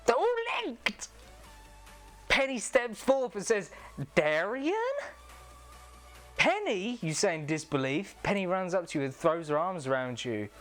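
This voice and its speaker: A woman with a low voice reads a text adventure aloud slowly, breaking into laughing, profane asides. Her pitch swings widely as she hams up the lines, with faint music playing underneath. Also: lively intonation. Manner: laughing, profane, mock-dramatic readings. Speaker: streamer. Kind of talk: reading a text adventure aloud with playful commentary.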